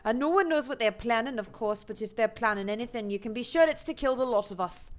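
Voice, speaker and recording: Badrin, a woman doing a gruff sailor innkeeper. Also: a little high, fast talker, lightly acted. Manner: wobbly put-on pirate-style brogue. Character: gruff male seafaring innkeeper. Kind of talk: reading game dialogue aloud.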